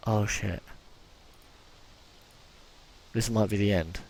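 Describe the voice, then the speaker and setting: A man's voice: on the low side, steady tone, takes it slowly, vocal fry, darkish tone. A man talking to himself while playing a survival game, swinging from anxious whispered muttering to sudden panicked yelps, often repeating himself. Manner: repeats himself under stress. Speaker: gamer. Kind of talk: live gameplay commentary.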